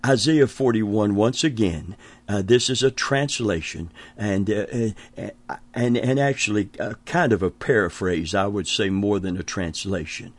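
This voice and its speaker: An older male preacher delivers a sermon at an unhurried, deliberate pace, leaning hard on repeated phrases and letting out small chuckles. His voice sits fairly low, and the sound is close and dry. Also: expressive, no echo. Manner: slow, emphatic, repeats key phrases, chuckles often. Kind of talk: sermon teaching.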